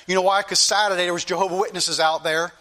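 A man's voice: high-pitched, fairly even intonation, fast, sharp tone. A male pastor preaching an earnest, repetitive sermon that rises into pleading questions to his congregation.

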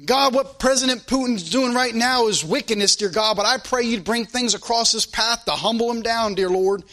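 A man's voice: very high-pitched, moderate pace, fairly bright tone. A man preaching a sermon and leading a closing prayer, with a fervent, repetitive preaching cadence. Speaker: pastor.

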